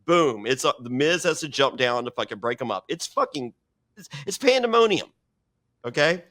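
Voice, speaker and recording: Brief: man guest, swears freely, rambling anecdote full of restarts, mid-pitched everyday voice. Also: very animated, moderate pace, a bit bright. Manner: profane, rambling with many restarts. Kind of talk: casual storytelling interview.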